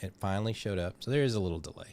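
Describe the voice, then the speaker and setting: A deep, gravelly-voiced man hosts a live stream and explains each step in a loose, chatty way. Faint room noise sits under his voice. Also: animated, racing, a little mellow. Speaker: host. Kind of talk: casual live-stream software demo.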